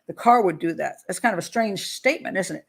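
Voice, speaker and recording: A woman's voice: on the low side, animated, fast talker, creaky, husky. Woman, profiler host; reads true-crime passages aloud, dramatizes quotes, loose conversational asides. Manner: chatty asides with restarts between read passages. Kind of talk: reading a true-crime book aloud with commentary.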